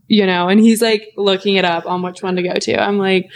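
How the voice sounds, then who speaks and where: A woman in her twenties, a podcast co-host, telling a story in casual chat, animated and acting out quotes, swearing freely. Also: mid-range voice, a little fast, few pauses, slight background noise.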